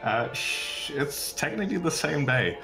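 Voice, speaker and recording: A man running a tabletop game as game master, narrating with hesitant pauses. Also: on the high side, big pitch swings, vocal fry, music in the background. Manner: hesitant, filler-heavy narration.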